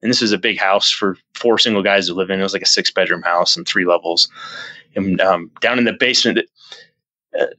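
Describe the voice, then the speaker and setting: Low-voiced man, forceful and dry. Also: brisk, dry recording, poor audio. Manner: earnest, rambling retelling with frequent restarts and fillers; acts out his own quoted lines in a jumpy, raised voice. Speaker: podcast guest. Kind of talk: casual storytelling in an interview.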